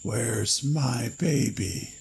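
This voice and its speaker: Hoarse drowned corpse creature. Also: male voice, a little mellow, heavily acted. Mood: hoarse whisper. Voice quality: hoarse, papery whisper. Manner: slow, drawn-out words rising to shrill screams. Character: pale drowned male corpse creature, desperate and vicious. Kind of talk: horror story narration.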